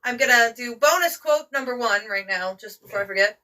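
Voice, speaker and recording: A woman's voice: a little high, animated, a little fast, sharp tone, low-quality recording. A Scottish woman hosting a casual quiz chat, chatty and laughing as she quotes lines. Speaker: quiz host.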